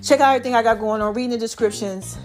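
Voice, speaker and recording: A woman with a high voice hosts her own podcast, talking straight to her listeners in a lively, sermon-like way. She sounds a little out of breath as she goes. Soft music plays faintly behind her. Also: very fast. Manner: animated, preachy, calls listeners y'all and child. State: a bit out of breath. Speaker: podcast host. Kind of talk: casual faith talk.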